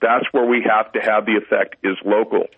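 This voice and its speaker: A man talking politics on a radio show, emphatic and exhorting, his voice rising as he presses his point. He sounds husky, and the audio comes through a narrow, tinny phone line. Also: fairly low pitch, little pitch movement, a little fast. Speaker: talk radio guest. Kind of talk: political talk radio chat.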